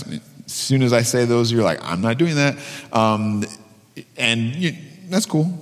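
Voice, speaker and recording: Male pastor, conversational sermon delivery with frequent restarts, reverberant church hall. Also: on the low side. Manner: conversational, repeats phrases, many restarts.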